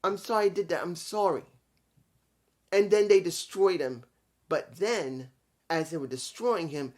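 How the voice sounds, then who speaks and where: A man reviewing a wrestling event in casual talk, animated and retelling scenes with his own restarts. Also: high voice. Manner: animated, acts out quotes, restarts. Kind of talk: casual recap and opinion talk.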